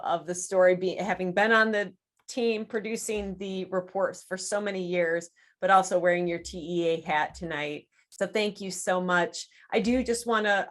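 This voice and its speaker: Woman giving gracious closing remarks. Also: lowish voice. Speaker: executive director.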